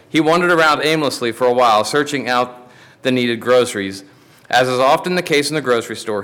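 A man's voice: medium pitch, a bit bright. A man delivering a sermon from the pulpit, telling a story in a folksy way with frequent restarts. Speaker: preacher.

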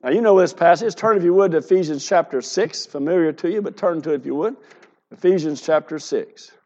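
A man's voice: on the high side, a little fast, warm tone, lo-fi sound. A man preaching a sermon, reading scripture aloud with rising emphasis. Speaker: pastor.

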